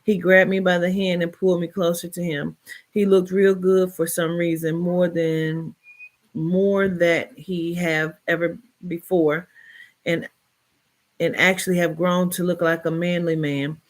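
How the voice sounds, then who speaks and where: A woman's voice: on the low side, a little slow. Chatty woman telling a story. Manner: chatty, expressive retelling with colloquial asides. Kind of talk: reading a short story aloud, then casual storytelling.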